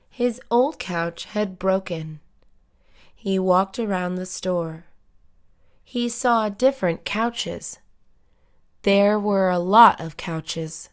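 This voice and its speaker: A woman reading short, simple English stories for learners in slow, even, carefully spaced sentences. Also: mid-range voice. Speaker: English lesson reader.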